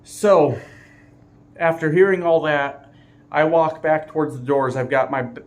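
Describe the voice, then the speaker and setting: A man's voice: on the high side, fairly even intonation, a little slow. A man who drives trucks for a living, telling a story casually, often laughing and swearing lightly.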